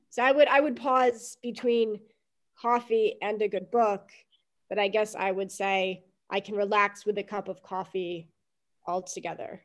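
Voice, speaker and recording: A woman's voice: mid-range voice, steady tone, measured pace. A woman taking part in an online class, speaking tentatively over a video call. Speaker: webinar participant. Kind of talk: casual discussion.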